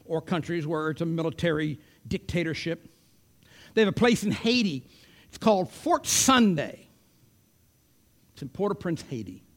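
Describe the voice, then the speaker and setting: At normal speed and with frequent pauses, a male preacher delivers his sermon in a high, animated voice that climbs and falls. He swings between forceful proclamations and sudden whispers.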